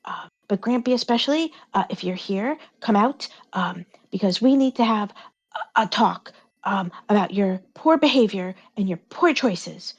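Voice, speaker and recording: A woman voicing an angry halting young adventurer. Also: mid-range voice, animated, husky, dull audio. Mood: shouting. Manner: halting, many fillers and restarts.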